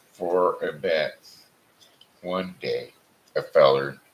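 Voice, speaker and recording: Deep-voiced guy slowly reading an old story, bright tone, fixes his words as he goes. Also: slight background noise, poor audio. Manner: deliberate reading with frequent restarts. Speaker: host reading a story aloud.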